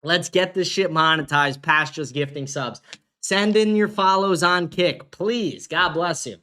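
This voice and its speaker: Bright-voiced man ranting on a livestream. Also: on the high side, a little slow. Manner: profane, combative ranting. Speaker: livestream host. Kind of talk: casual livestream rant.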